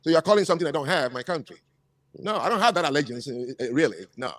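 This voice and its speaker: A man's voice: on the high side, expressive, fast, a bit bright, no echo, studio quality. A man arguing insistently as a guest in a heated panel debate. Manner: argumentative, insistent.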